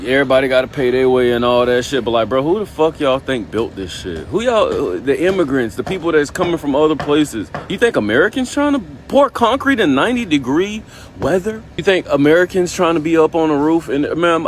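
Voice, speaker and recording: A man's voice: mid-range voice, animated, fairly quick, slight background noise. A man calling in to a podcast with a voicemail, talking in a heated, slangy, profane way. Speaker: caller. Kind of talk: voicemail call-in message.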